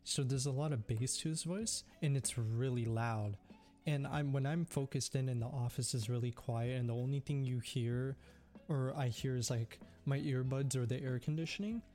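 A man's voice: medium pitch, steady tone, moderate pace, mellow, soft background music. Rambling man in casual chat, many fillers. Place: on a voice call.

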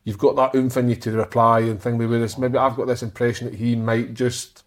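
Fast-talking blunt footballer. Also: male voice, mid-range voice, level tone. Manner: blunt, swears freely. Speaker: footballer, podcast guest. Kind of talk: casual chat.

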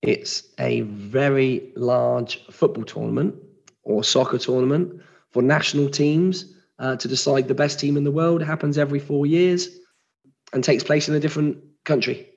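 A hoarse man with a gravelly voice, co-hosting a podcast in relaxed, chatty conversation. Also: mid-range voice, moderate pace, lo-fi sound. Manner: relaxed, chatty, explains things plainly. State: hoarse, recovering from a lost voice. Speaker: podcast co-host. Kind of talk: casual chat.

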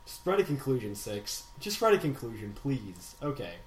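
A young man co-hosting a casual gaming podcast, chatty and animated, stretching out names slowly when he reads league standings. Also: medium pitch. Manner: animated, slow announcer drawl for standings. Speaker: podcast co-host. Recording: echoey room.

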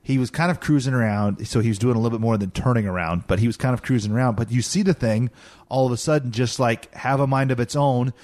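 A man's voice: medium pitch, fast talker, darkish tone, no echo. A man who is a parent, casually recounting a family story in detail. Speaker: parent vlogger. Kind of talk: casual chat.

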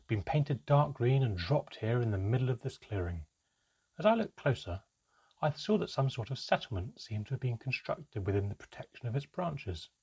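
Audiobook narrator: man, low-pitched, husky, steady and measured in his storytelling. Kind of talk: scripted narration.

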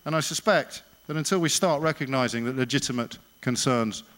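A man giving a public talk at an evening event, sardonic and emphatic, firing rhetorical questions and slowing down for his punchlines. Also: medium pitch, a bit bright. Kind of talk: public speech with anecdote.

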